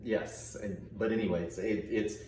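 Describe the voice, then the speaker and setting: A man co-hosting a casual family vlog, easygoing and chuckling, with halting fillers. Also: fairly low pitch, fairly even intonation, a little mellow, slight background noise. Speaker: vlog co-host. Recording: echoey room, mic far off.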